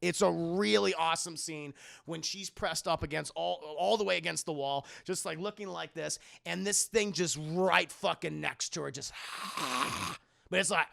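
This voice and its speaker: Streamer, male, high-pitched and very gravelly, a profane and chatty film reviewer. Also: measured pace, fairly bright tone. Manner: profane, chatty, talks to chat. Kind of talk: casual live-stream commentary.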